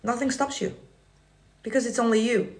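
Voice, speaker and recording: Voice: medium pitch, lively intonation, normal speed, creaky. A manifestation coach on a casual livestream, reading viewer comments aloud and answering them in a blunt, swearing, teasing way.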